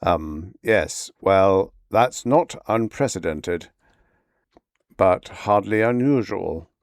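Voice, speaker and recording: A businesslike personnel manager who speaks calmly and persuasively, as a male narrator reads him. Slow, low-pitched, and dry in the mic. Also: no room sound, full character voice. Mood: enthusiastic. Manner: enthusiastic, reasoning.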